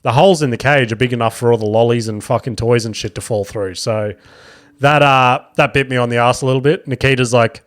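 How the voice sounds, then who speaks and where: A man's voice: mid-range voice, a little fast. A man in his thirties, a podcast host telling rambling, self-mocking stories with lots of swearing, recorded on a podcast mic. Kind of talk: casual comedic storytelling.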